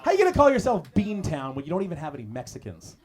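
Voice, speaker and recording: A man's voice: a little high, wildly swooping pitch, fast, over music, crowd noise. A man from Canada doing stand-up roast insults on a comedy club stage, with crude, mocking punchlines. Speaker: roast battle comic. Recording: noisy live club recording.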